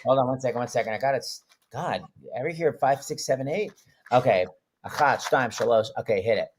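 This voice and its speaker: A man hosting a casual live stream, joking and bantering excitedly with his guests. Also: mid-range voice, brisk, a little hiss or hum. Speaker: host. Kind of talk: casual livestream chat.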